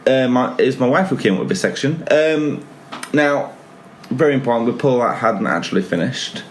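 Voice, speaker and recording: A man's voice: medium pitch, expressive, normal speed, slight background noise, low-quality recording. A man hosting a casual podcast chat, joking and laughing at his own lines. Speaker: podcast host.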